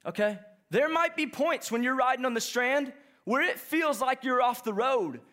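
A man's voice: extremely high pitch, lively intonation, moderate pace, bright, forceful tone, pitched above the performer's own voice, exaggerated voice. A man voicing a fit, older male beach local who talks in an insistent, preachy street way. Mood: emphatic.

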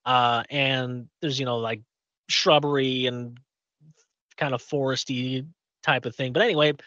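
A man's voice: mid-range voice, steady tone, measured pace, pushed and bright, dry recording, dull audio. A man from Indiana co-hosting a podcast, chatting casually and telling a long story with many fillers and restarts. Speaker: podcast co-host. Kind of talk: casual chat.

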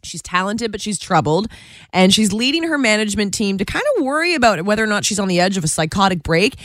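Radio co-host, woman, playful entertainment chat, very animated pitch, dry studio sound. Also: fast talker, dry recording. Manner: lively, playful, laughs often. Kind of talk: casual entertainment news chat.

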